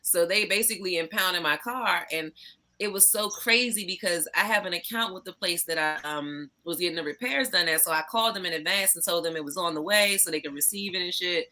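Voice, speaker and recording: A woman with a lowish, bright and forceful voice tells her stories in loose podcast chat. She talks in an animated way, laughs easily and swears without a second thought. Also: fairly quick. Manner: animated storytelling, swears freely, laughs often. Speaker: podcast guest, emcee. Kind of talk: casual chat.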